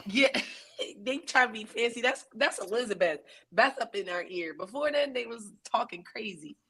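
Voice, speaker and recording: Animated, laughing American woman. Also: fairly high pitch, normal speed, slightly rough. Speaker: podcast co-host. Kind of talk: casual chat.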